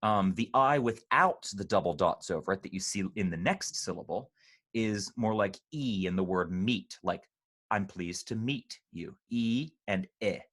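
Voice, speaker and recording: A man's voice: low voice, a bit bright. Patient man teaching choir pronunciation. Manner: patient, explanatory, demonstrates sounds slowly. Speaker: choir director. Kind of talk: online choir rehearsal lesson.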